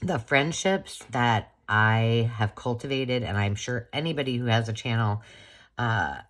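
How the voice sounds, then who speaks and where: A woman's voice: a bass voice, expressive, unhurried. A woman hosting a crafting channel, chatting casually and gushing as she unboxes a gift.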